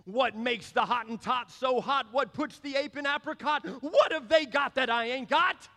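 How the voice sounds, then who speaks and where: A man's voice: extremely high pitch, moderate pace, pushed and bright, in a large hall, voice pushed up, exaggerated voice. A man doing a blustering cowardly lion. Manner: rhyming, sing-song bluster.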